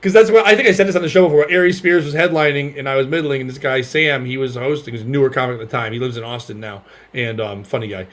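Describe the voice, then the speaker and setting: A man's voice: medium pitch, fast, few pauses, slight background noise. A male comedian and podcast host telling a story in casual banter and acting out the people in it. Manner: animated, acts out other voices loudly.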